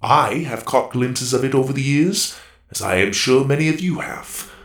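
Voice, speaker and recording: A man voicing a wise, calm male mentor in a storybook, measured and gently persuasive. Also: mid-range voice, vocal fry, echoey room, pitched above the performer's own voice. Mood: reflective.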